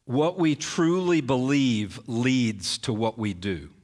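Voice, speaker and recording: A man's voice: medium pitch, very animated, slow, a little mellow, in a large hall. A male pastor preaching an earnest, emphatic sermon, repeating key phrases for weight.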